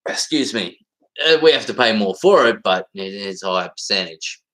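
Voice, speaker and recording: A man with a strong Australian accent talks loosely on a livestream, his voice bright and forward. He rambles and swears freely, and his speech is full of fillers and restarts. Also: fairly low pitch, expressive, moderate pace, poor audio. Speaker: livestream host. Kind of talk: casual livestream chat.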